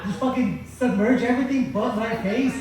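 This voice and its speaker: A man delivers a profane, crude open mic comedy set in a very high-pitched voice at a moderate pace, bragging deadpan. He's heard from far away in a very echoey room.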